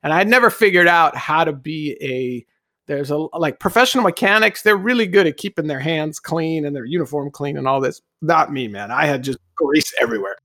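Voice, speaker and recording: A middle-aged man, a guest, telling a personal anecdote in a casual, animated way and acting out the voices he quotes. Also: fairly high pitch, fairly quick, no room sound, clean studio sound. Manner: animated storyteller who acts out quoted voices.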